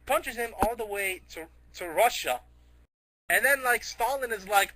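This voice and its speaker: A young man tells a silly improvised tale at full volume, stammering and restarting as he rushes along. His voice sits high and comes out bright and sharp. He keeps slipping into little character voices for the people in his story. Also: animated. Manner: loud, giddy, stammering, acting out characters in quotes.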